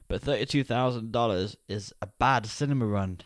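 A man, co-hosting a casual film podcast, relaxed and quick to laugh. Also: on the low side, no room sound, clean studio sound. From Yorkshire, England. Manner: relaxed, chatty, laughs easily. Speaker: podcast co-host.

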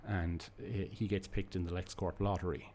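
A man's voice: deep voice, flat delivery, moderate pace, darkish tone, a little hiss or hum. A man giving a casual, enthusiastic comic book review, rambling and restarting his sentences. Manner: rambling, with frequent restarts and fillers. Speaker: podcast host reviewing comics.

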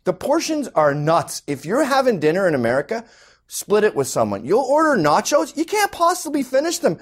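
A man's voice: high voice, huge pitch swings, brisk. A Canadian man doing an exasperated, mocking stand-up rant. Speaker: comedian.

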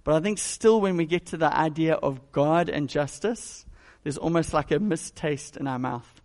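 A man's voice: on the high side, moderate pace, a little mellow. A male pastor giving a conversational, emphatic sermon.

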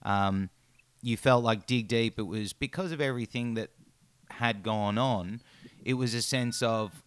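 A man's voice: mid-range voice, normal speed, clean tone, no room sound. A man hosting a podcast interview, asking long, run-on questions with many ums. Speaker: podcast host. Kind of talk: casual interview.

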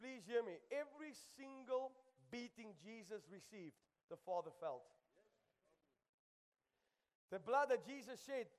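A man preaching a sermon, emphatic and calling on the congregation to repeat after him. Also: very high-pitched. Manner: emphatic, call-and-response, repeats lines for the crowd. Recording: long reverb of a large hall.

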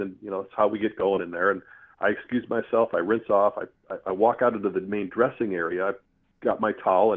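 Man, lowish voice, earthy and animated storyteller, heard over a tinny phone line. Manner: earthy, animated, with mild swearing. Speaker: storyteller guest. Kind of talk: casual spoken storytelling.

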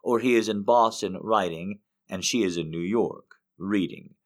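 Man reading poems aloud, expressive and musical. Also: fairly low pitch, normal speed. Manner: expressive reader, swings between lifted and hushed phrases. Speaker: host. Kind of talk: poetry reading.

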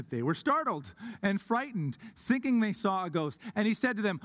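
A man preaching a sermon as pastor of a church, earnest, slowing down on key words for emphasis. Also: high-pitched, sing-song, fairly bright tone. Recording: long hall reverb.

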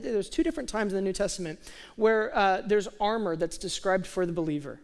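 High-voiced preacher in a reverberant hall. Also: male voice, fairly quick, vocal fry. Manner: animated preaching, swings from quiet asides to excited storytelling. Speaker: pastor. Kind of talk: sermon. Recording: long reverb of a large hall.

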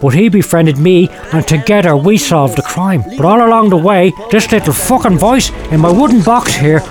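A man's voice: high-pitched, moderate pace, over music, natural voice. An actor playing an erratic, foul-mouthed man who hears voices, rambling and swearing in a comic audio drama. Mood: agitated.

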